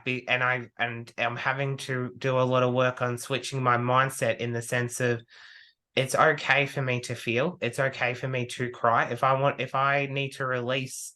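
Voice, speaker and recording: A man, a podcast guest, talking casually and telling animated stories in which he acts out his own remarks. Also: mid-range voice. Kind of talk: casual conversation.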